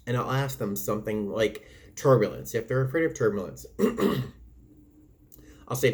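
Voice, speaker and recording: A flight attendant chatting casually to his viewers at a desk, in a gentle, patient tone that meanders with lots of ums. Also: mid-range voice, normal speed. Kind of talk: casual chat to camera. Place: indoor room at a desk lit by a table lamp. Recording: air conditioner hum in background.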